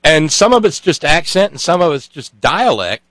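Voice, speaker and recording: A man's voice: fairly high pitch, sing-song, fairly bright tone, no echo, rough recording. A man co-hosting a casual chat, telling stories with frequent stops and restarts. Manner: halting storyteller with many restarts. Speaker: co-host.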